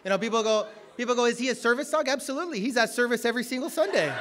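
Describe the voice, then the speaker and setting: A man preaching a sermon, telling a personal story, loud and emphatic at times, then dropping to low, quiet asides. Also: lively intonation, racing.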